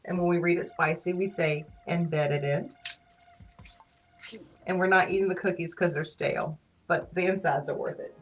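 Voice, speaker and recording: A woman with a Southern US accent hosting a casual live stream, playful and teasing, quick to laugh. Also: fairly low pitch, fairly even intonation, rough recording. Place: small studio.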